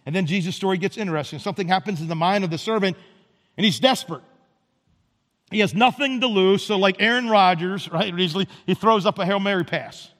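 Male pastor, emphatic sermon delivery, higher register, long church reverb. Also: fairly quick, a bit bright. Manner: emphatic, repetitive preaching cadence. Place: church sanctuary.

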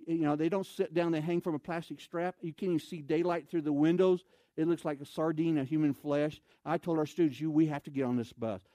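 An American man, a missionary speaker, telling a humorous story in an animated, comic way and acting out scenes. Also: fairly high pitch, a little fast, no echo. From United States.

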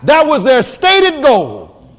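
A man preaching a sermon as a minister, fervent and shouting his points with emphasis. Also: very high-pitched, huge pitch swings, takes it slowly.

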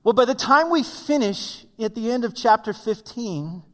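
Brief: high-pitched male pastor, conversational animated sermon, echoing church hall. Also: normal speed. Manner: conversational preaching, animated storytelling. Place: church sanctuary. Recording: long hall reverb.

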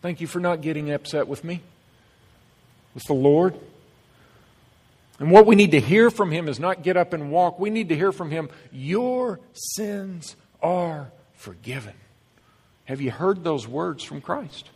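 A man preaching a sermon as pastor, earnest and emphatic, swinging between loud stresses and hushed lines. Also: a little high, moderate pace, long pauses, breathy edge. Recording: long reverb of a large hall.

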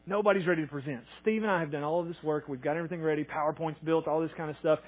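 A man preaching a sermon as a pastor, earnest, acting out quoted dialogue and swinging between loud and soft. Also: on the high side, steady tone, racing. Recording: tinny phone-like sound.

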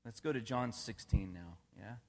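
A man preaching a relaxed, conversational sermon, often checking in with his listeners and laughing at his own jokes. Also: on the low side, moderate pace. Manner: casual, asks the congregation questions, laughs at his own jokes.

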